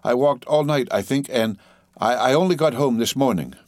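A man voicing a frightened young wife in an audiobook, halting and breathless. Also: medium pitch, a little mellow, no room sound, studio quality, natural voice.

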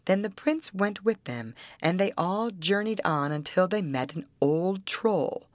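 A woman narrating a fairy tale aloud, expressive and acting out the characters. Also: lowish voice, a little slow, few pauses, no room sound, clean studio sound.

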